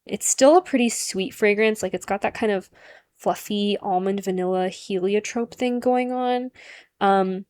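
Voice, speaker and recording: A perfume vlogger talks casually to the camera in a monologue, chatty and full of "like" and "um" fillers. Her voice is mid-range with a darkish tone, her pace unhurried, and there's no echo.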